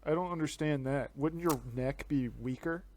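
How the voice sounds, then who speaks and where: A man's voice: fairly high pitch, moderate pace, a little mellow. A laid-back man in casual podcast chat, drawling his words and calling people dude. He has an easygoing way of talking. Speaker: podcast co-host.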